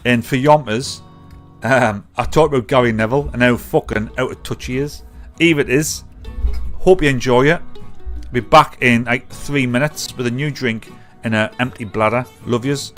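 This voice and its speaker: A man's voice: medium pitch, a bit bright. A middle-aged man, hosting a live-stream show in a rambling, sweary, blunt way. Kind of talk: casual live-stream rant.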